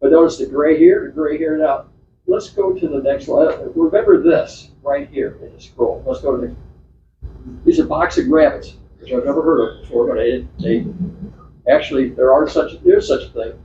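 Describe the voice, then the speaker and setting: A man's voice: fairly high pitch, big pitch swings, normal speed, background noise. A man giving an informal slide talk at a club meeting, chatty and rambling, with many restarts and fillers. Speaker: club presenter. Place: meeting room. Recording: echoey, distant, dull club meeting recording.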